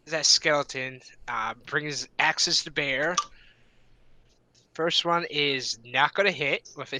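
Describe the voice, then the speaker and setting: A man playing in a tabletop game, describing his character's moves in a slow, easygoing way. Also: fairly high pitch, bright, forceful tone, no room sound, low-quality recording. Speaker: player. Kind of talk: casual tabletop play.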